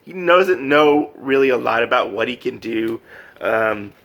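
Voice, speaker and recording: A man casually recapping a manga, animated and full of fillers, laughing often. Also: medium pitch, measured pace. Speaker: manga reviewer. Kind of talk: casual review chat.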